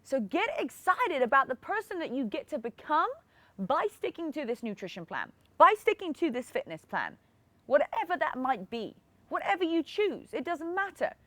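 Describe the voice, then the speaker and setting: A woman's voice: high voice, sing-song, moderate pace, a bit bright, dry recording. A woman in her thirties hosting a fitness podcast, giving upbeat, motivational coaching straight to the listener. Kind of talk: motivational solo podcast talk.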